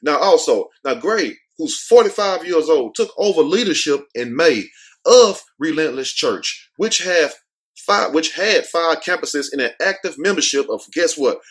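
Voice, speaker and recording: A man hosting his own commentary show, reading headlines and then riffing on them bluntly in loose slang. His voice sits fairly high for a man, and he talks with animated swings. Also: unhurried. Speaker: host. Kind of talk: casual commentary on news.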